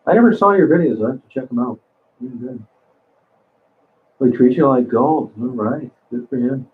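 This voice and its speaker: A man's voice: mid-range voice, expressive, normal speed. Blunt crude guy chatting to his stream viewers, rambly, sounds like a phone line. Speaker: livestream host. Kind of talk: casual live chat reading comments.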